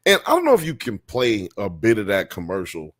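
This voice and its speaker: A man from Alabama, co-hosting a casual TV review chat in an animated, profane way. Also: on the low side, fairly quick. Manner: animated, profane, acts out characters. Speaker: podcast co-host.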